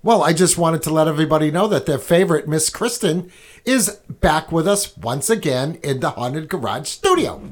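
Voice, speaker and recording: Podcast host, male, fairly high voice, loose and profane, ribbing his co-hosts. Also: animated, normal speed. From New England. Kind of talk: casual podcast banter. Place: heated garage studio.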